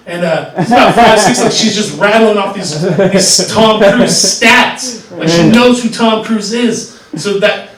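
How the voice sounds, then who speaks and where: Rambling stand-up comic, slightly high. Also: male voice, measured pace, a bit bright. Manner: rambling, filler-heavy storytelling. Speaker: stand-up comedian. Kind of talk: stand-up comedy set. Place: comedy stage. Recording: roomy stage sound from far off.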